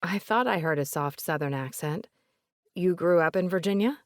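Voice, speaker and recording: A woman voicing a composed investigator with a North Carolina accent, asking questions in a calm, measured way. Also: fairly low pitch, no room sound, studio quality, lightly acted.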